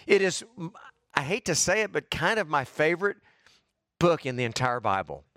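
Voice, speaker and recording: A man's voice: on the high side, big pitch swings, normal speed, sharp tone, no room sound, studio quality. A middle-aged man, preaching a fervent, fired-up sermon as pastor.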